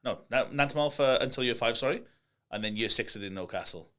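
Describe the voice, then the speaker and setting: A young Welsh man and podcast guest, telling stories in an animated, excitable way. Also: mid-range voice, fast. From Wales. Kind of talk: casual chat.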